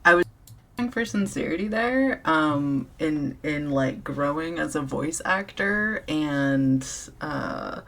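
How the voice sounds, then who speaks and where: Gravelly voice thinking aloud earnestly. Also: medium pitch, lively intonation, takes it slowly, fairly bright tone. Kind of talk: casual reflective commentary.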